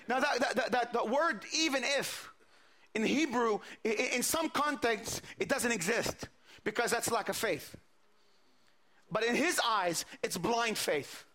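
A man's voice: very high voice, a little slow, pushed and bright. A man preaching a sermon, retelling a scripture story with quoted dialogue and frequent repeated words.

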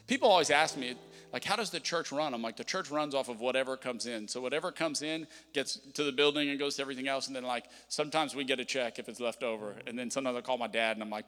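A man's voice: a little high, a little fast, bright, forceful tone, in a large hall, soft background music. A young adult man preaching a sermon as pastor, conversational and emphatic, often voicing prayers aloud. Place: church hall.

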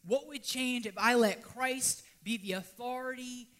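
A man preaching a sermon, swinging from loud pleading to hushed, almost whispered lines. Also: very high voice, a little slow. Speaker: pastor.

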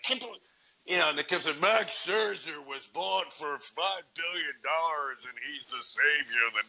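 Excitable New man telling a story. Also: on the high side, poor audio. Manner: excitable, acts out his own shouting. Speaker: guest, baseball fan video maker. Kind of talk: animated storytelling in an interview.

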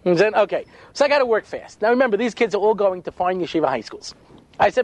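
A man, a rabbi, telling funny stories in an animated way, with quick asides and acted-out voices. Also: sits high, no echo. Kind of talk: humorous storytelling talk.

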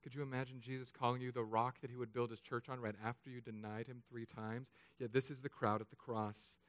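A man preaching a sermon, telling stories with jokes and playful asides that turn hushed and solemn. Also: medium pitch, fairly quick. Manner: animated, joking storytelling with hushed, solemn turns. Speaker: pastor.

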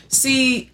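A woman in her thirties co-hosting a casual chat podcast, animated and acting out her own thoughts in playful voices. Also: slight background noise. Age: 30s. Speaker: podcast co-host.

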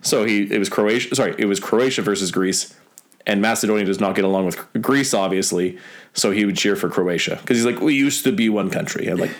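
A man's voice: fairly low pitch, fairly quick. A young Canadian man telling stories in a casual chat, rambling with many fillers and the odd swear word. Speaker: guest.

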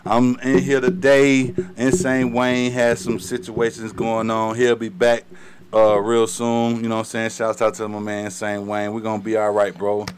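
A man's voice: fairly low pitch, completely flat delivery, moderate pace, crowd noise. A man with a Southern US accent hosting a podcast, hyped and slangy, repeating himself as he chats. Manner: hype, repetitive, slangy. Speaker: podcast host. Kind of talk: casual podcast chat.

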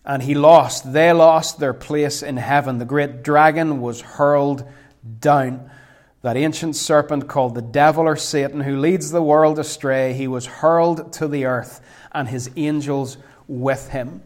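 A man preaching a sermon, emphatic, slowing right down whenever he quotes scripture. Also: a little high, steady tone, darkish tone.

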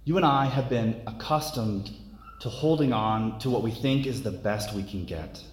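A male preacher gives a sermon at a middle pitch, earnest and unhurried, often doubling back on words. His voice rings through a roomy hall with a long reverb trailing each phrase. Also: slight background noise.

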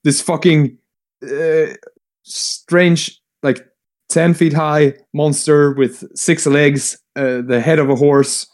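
A man casually retelling a long war story, rambling with fillers, swearing and quick acted-out quotes. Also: a little high, steady tone, darkish tone. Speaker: podcast co-host retelling lore. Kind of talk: casual chat.

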